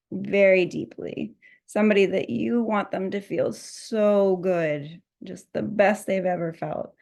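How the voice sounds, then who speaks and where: A woman leading a guided breathing and self-massage meditation as the teacher, speaking softly and gently, and laughing easily at her own slips. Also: mid-range voice, creaky. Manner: soft, gently guiding, laughs at herself.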